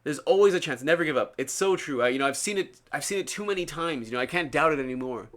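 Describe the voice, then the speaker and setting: Man, live streamer, earnest, animated, preachy, fairly high pitch. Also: fast. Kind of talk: casual live-stream reading talk.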